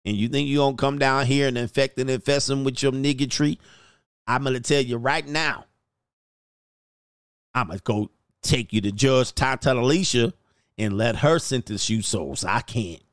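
A smug, menacing old small-town judge who taunts in a slow, drawn-out voice, as a man puts him on. The sound is dry and close, with no room around it. Mid-pitched and cruel, he lingers on every threat. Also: no room sound, natural voice. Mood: threatening. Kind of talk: mock role-play on a livestream.

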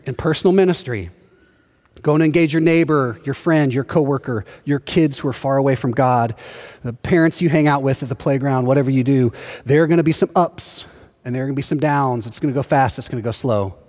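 A man preaching a sermon as pastor, telling stories with animated delivery and acting out the voices of the people in them. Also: medium pitch. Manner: animated storytelling, acts out quoted voices. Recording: long hall reverb.

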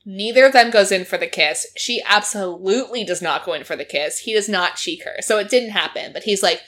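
A woman's voice: medium pitch, brisk, fairly bright tone. A woman in casual chat, animatedly retelling a reality show to a friend, quoting its people and laughing often. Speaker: podcast co-host recapping a reality show.

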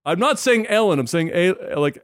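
A man riffing on a podcast, swearing freely and growing loud and animated when he gets going. His voice is smooth and resonant, and the room sounds dry and close. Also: medium pitch, normal speed, no echo. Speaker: podcast host. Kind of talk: casual profane chat.

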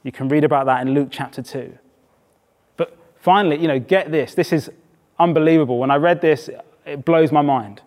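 Male preacher from England, slightly high voice, conversational but emphatic sermon delivery in church. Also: normal speed, darkish tone. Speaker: pastor.

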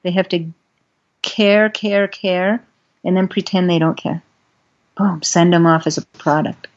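A woman, a guest on a podcast, telling stories in an earnest, gentle way and getting animated as she goes, on a dull lo-fi recording. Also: on the low side, unhurried. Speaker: guest, animal rights advocate. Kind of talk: conversational podcast storytelling. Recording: dull lo-fi sound.

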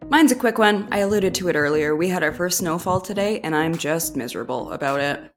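A woman's voice: lowish voice, animated, brisk. Giggly Canadian woman guest, faint music behind. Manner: giggly, chatty. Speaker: podcast guest. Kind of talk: casual sports chat.

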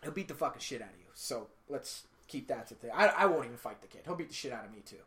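A man's voice: mid-range voice, fast talker. A man co-hosting a podcast, chatting casually with jokes and swearing while drinking beer. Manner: joking, swearing, lively storytelling. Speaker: podcast co-host. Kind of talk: casual chat.

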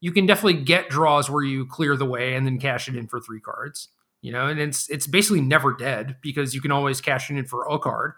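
A man's voice: medium pitch, fast talker, sharp tone. A man co-hosting a casual card game podcast, talking in a laid-back, rambling way with lots of fillers. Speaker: podcast co-host.

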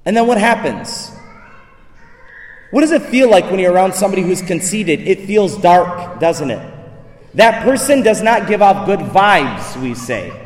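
Animated male preacher in an echoey hall. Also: high-pitched, a little slow. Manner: animated storytelling with rhetorical questions. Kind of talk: sermon.

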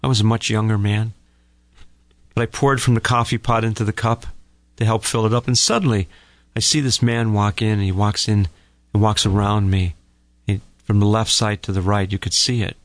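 A middle-aged man with a low voice hosts a radio talk segment. He is a couples therapist who tells stories in a calm, folksy way. The sound is dry and close, with no room around it. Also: normal speed, no room sound. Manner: calm, folksy storytelling that addresses listeners as folks.

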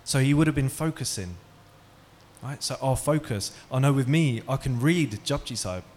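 In a hall before an audience, a man tells stories and asks the crowd questions in an engaging, interactive talk. His voice is mid-range and a little mellow, paced normally, with slight background noise.

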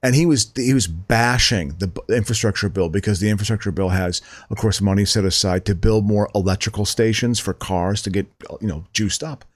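A man's voice: fairly low pitch, fairly quick, hardly any pauses. A man in casual podcast chat, rambling with stammered restarts and swearing as he rants. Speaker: podcast co-host.

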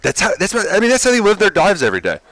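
A man's voice: sits high, huge pitch swings, very fast, a bit bright, dry recording, low-quality recording. A man co-hosting a live radio show outdoors at a racetrack, telling stories with lots of fillers and little laughs. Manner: rambling storyteller with filler words and laughs. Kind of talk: casual live radio chat.

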